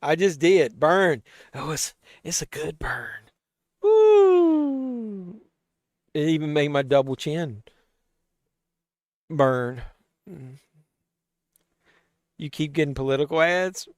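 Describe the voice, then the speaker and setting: Hosting a live watch-along stream, a slightly drunk man chats loosely and profanely with viewers and reads their messages aloud. His voice runs on the high side, slow with long pauses, recorded in studio quality with no echo.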